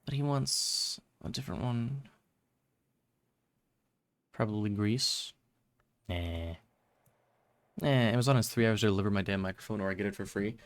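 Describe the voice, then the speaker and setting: A man's voice: lowish voice, normal speed, pauses often. A man streaming a game, chatting to viewers in a rambling, self-mocking way. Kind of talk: casual live-stream chatter.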